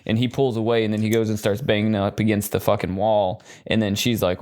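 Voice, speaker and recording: A man's voice: on the low side, brisk, few pauses. A man co-hosting a podcast, retelling a film in casual chat with lots of swearing and acted-out quotes. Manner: profane, animated retelling with voices. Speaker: podcast co-host.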